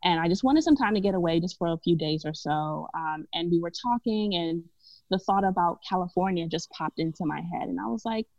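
Chatty low-voiced New woman. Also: brisk, a little mellow, no echo. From Brooklyn, New York. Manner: candid, chatty storytelling with frequent laughs. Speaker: podcast guest. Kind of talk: casual podcast conversation. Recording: dull lo-fi dry sound.

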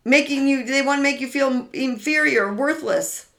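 A woman talking straight at her listener in an emphatic, explanatory way. She keeps throwing out rhetorical questions and answering them herself, with animated swings in emphasis. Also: high-pitched, normal speed, gravelly.

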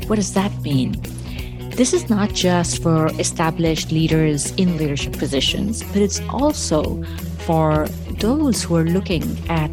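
A woman's voice: deep voice, animated, moderate pace, music in the background. A woman hosting a podcast interview, reflective and enthusiastic, with frequent casual fillers. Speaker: podcast host.

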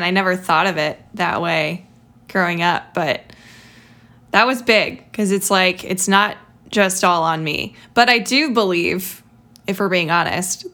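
Bright-voiced chatty woman podcast host. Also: mid-range voice. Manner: chatty, reflective, lots of "like" and "you know". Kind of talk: casual podcast conversation.

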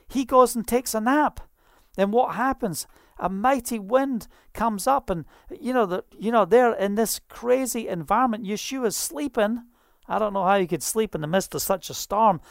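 A preacher, delivering a sermon in a fast, fervent style with frequent hallelujahs. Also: mid-range voice, no room sound, studio quality.

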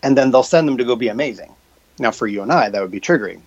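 A man's voice: medium pitch, lively intonation, very fast, darkish tone, husky, no room sound. Man explaining in a dull dry recording. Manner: explanatory, acts out quoted reactions, many fillers. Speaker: guest, purpose coach. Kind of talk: conversational interview.

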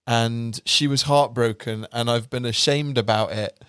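A man's voice: medium pitch, steady tone, unhurried, a bit bright, clear, resonant tone, dry recording. Chatty British man, dry close sound. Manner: self-deprecating, chatty storytelling. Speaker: podcast host. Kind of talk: casual chat.

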